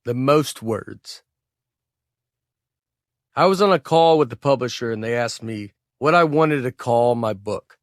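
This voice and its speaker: A man with a Southern US accent, from Tennessee, narrating his own humorous audiobook in a laid-back, deadpan way. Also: mid-range voice, a little slow, pauses often, dry recording, clean studio sound.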